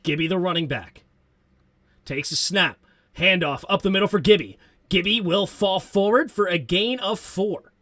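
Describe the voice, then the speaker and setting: Brief: male live-stream host, high bright voice, excitable play-by-play. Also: moderate pace. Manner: excitable, reads chat comments aloud. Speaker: host of a sports talk stream. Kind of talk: live play-by-play and fan commentary.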